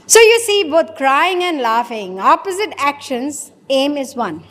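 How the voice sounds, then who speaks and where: A woman's voice: high voice, very animated, measured pace, a bit bright. A woman giving a spiritual discourse, explaining step by step and acting out little dialogues to make her point. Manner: questioning, explanatory, acts out dialogue. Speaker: spiritual teacher. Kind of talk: religious discourse. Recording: long hall reverb.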